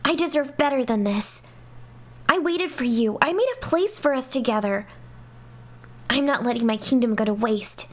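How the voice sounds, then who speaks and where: A woman voicing a haughty, possessive young princess in a fan dub of game dialogue, commanding and prone to shrill outbursts. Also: normal speed, natural voice. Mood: wounded, demanding.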